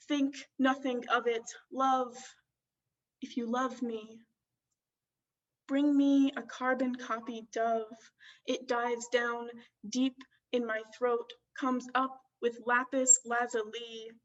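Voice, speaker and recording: A woman's voice: high voice, fairly bright tone. A woman in her twenties, a graduating student poet, giving a playful, wordplay-filled poetry reading. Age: 20s. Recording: distant, dull lo-fi recording.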